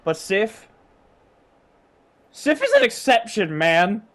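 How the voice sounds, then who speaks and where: A woman's voice: a little high, sing-song, moderate pace. A woman narrating her own gameplay footage in casual commentary, exasperated, self-mocking and swearing freely. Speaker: gaming YouTuber.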